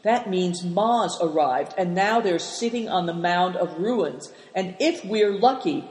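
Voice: mid-range voice, animated, unhurried, a little mellow, lightly acted. A reader whispering as a young boy in hiding. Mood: thinking. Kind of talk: storybook reading. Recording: roomy hall with long reverb.

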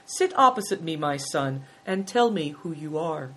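A woman voicing a kindly, wise old male abbot who speaks calmly and benignly. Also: low voice, husky, exaggerated voice, rough recording. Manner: calm, benign, unhurried.

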